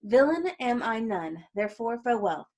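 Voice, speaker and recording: A woman reading the part of Romeo, a gentle young man trying to make peace. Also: fairly high pitch, animated, normal speed. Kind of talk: casual read-aloud of a play.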